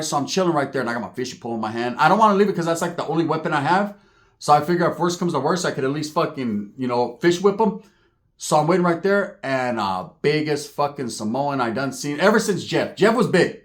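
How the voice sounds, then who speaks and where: A man spinning a profane, comic story with lots of energy, tagging nearly every line with "right?". His voice sits a bit high for a man and swings widely as he acts out the other people in the story. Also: quick pace. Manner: animated, acts out characters, constant "right?" tags.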